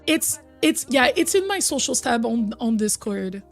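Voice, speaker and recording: A woman's voice: on the high side, sing-song, unhurried, creaky, soft background music. A young woman streaming a game and chatting casually with her viewers, getting over a cold. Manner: chatty, reads and answers chat, hums and sings bits. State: recovering from a cold.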